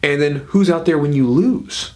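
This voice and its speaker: A man in his thirties, a jiu-jitsu coach, talking casually to camera with quick asides and frequent "right?". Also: fairly high pitch. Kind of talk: casual advice talk to camera.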